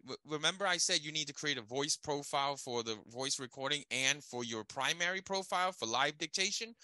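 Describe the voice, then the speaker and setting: A man's voice: fairly high pitch, no echo. A man leading a casual tech training session, emphatic and checking in with listeners. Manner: animated, emphatic, checks in with "okay?". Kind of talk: casual teaching chat.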